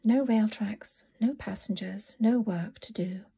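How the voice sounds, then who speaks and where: A woman voicing a sleepy, cheerful female steam engine in a storybook reading, with a drowsy, breathy, half-whispered delivery. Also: mid-range voice, a little slow, mellow, exaggerated voice. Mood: bored.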